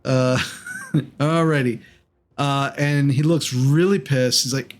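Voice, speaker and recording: This game master speaks at a medium pitch in a steady tone, leisurely narrating his tabletop session. He wanders a bit, saying um often and fixing his own wording as he goes.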